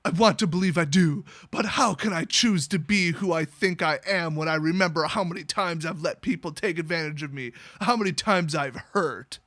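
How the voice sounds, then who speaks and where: A man's voice: a little high, normal speed, hardly any pauses, a bit bright, no echo, clean studio sound, natural voice. A man doing a whiny young mind mage. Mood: self-pitying. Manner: whiny, self-pitying.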